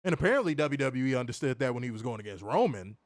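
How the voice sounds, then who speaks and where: Fast-talking and sing-song, with a mid-range voice, this wrestling review co-host is a loud, profane storyteller who laughs a lot during the loose, casual chat. The sound is studio quality with no room sound.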